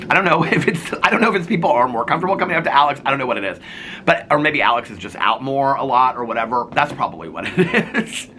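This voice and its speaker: Male vlogger, casual storyteller, fast talker with a lot of pitch swing, bright edge. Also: slight background noise. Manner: rambling, filler-heavy, excitable.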